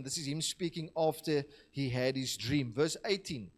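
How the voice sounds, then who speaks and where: A man's voice: mid-range voice, normal speed, few pauses. A man preaching a sermon in a church, talking conversationally and joking with the congregation. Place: church hall.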